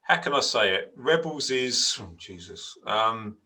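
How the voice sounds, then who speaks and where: Male podcast host, joking and teasing, with a forceful, bright tone. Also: fairly low pitch, expressive, a little slow. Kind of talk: casual chat.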